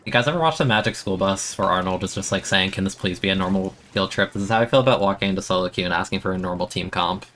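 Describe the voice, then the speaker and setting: A young man streaming a game, complaining in an exasperated, self-mocking way, with sudden high-pitched outbursts. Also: fast talker, few pauses, fairly bright tone. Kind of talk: casual live-stream commentary.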